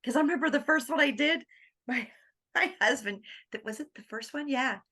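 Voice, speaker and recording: Bright-voiced woman telling a story. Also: sits high, moderate pace. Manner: animated, acts out quoted dialogue with laughs. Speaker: podcast guest. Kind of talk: casual storytelling interview.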